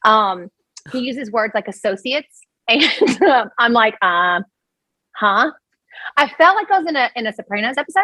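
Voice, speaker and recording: A woman from Louisiana with a Cajun accent, a podcast guest telling a story in an animated, rambling way. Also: fairly high pitch, normal speed, dry recording, low-quality recording. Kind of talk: casual storytelling chat.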